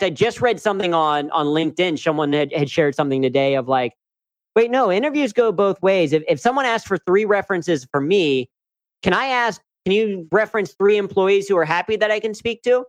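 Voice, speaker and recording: Male guest, chatty and upbeat, slightly high voice, dry close recording. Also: no room sound. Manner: upbeat, chatty, frequent "right?" asides. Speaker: guest, humor coach and speaker. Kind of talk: casual interview talk.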